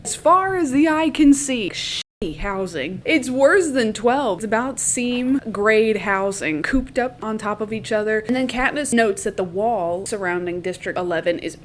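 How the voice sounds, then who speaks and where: A woman's voice: medium pitch, measured pace, few pauses, a little hiss or hum. A woman with a Southern US accent, casually recapping a book in a chatty, swearing, playful way.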